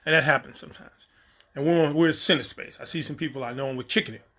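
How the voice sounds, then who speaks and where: A man recounts a story in a casual, animated way, voicing the people he talks about. His voice sits a touch high and has a gravelly edge. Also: quick pace. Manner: animated, acts out quoted exchanges. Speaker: storyteller recounting a set experience.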